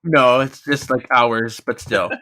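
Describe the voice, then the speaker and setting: A man co-hosting a podcast, recapping a book in casual chat, animated and laughing often as he quotes the characters. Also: medium pitch, a little hiss or hum. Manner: animated retelling with quick quoted voices and frequent laughs. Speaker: podcast co-host.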